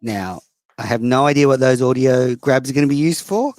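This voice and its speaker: An Australian man hosts a call-in show in a blunt, mocking way, swearing freely. His voice sits at a middle pitch. The sound is dry and close, with no room around it. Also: a little fast, a little mellow, no echo, faint music behind. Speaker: host. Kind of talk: casual solo call-in show.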